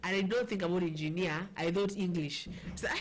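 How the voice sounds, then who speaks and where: A Kenyan woman with a fairly low voice hosts a casual political chat show, chatty and playful, switching languages mid-sentence. There's background noise behind her.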